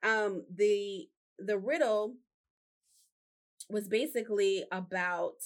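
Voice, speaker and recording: A woman's voice: medium pitch, measured pace, fairly bright tone. A woman telling a Bible story in a loose, chatty monologue filled with fillers and asides, recorded indoors. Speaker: vlogger retelling a Bible story.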